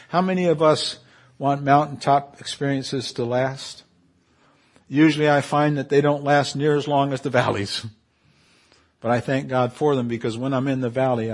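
A man with a medium-pitched voice preaches an animated sermon. He often repeats and restarts phrases, building to loud, emphatic peaks.

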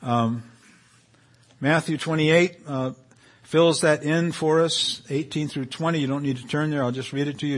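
A man's voice: on the high side, steady tone, moderate pace. A male pastor preaching a sermon in a conversational way, reading scripture aloud and rising in intensity as he reads.

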